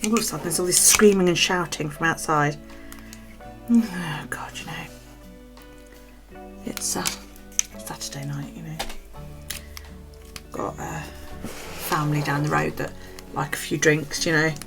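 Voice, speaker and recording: A woman's voice: low voice, steady tone, moderate pace, long pauses, over music. A middle-aged British woman vlogging, telling a gossipy story in casual, chatty talk and swearing freely. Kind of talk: casual chat to camera.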